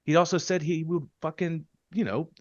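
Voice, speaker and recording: A man co-hosting a podcast in heated casual chat, ranting and swearing, with quick loud bursts that then drop low. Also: steady tone, no echo, lo-fi sound. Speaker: podcast co-host.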